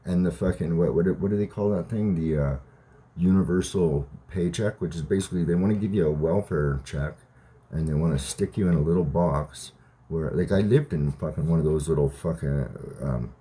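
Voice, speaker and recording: A man's voice: sits low, moderate pace, dark tone, breathy edge. A man in his thirties ranting on a live stream, profane and agitated, rambling with many restarts. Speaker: livestream host. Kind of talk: rambling livestream rant.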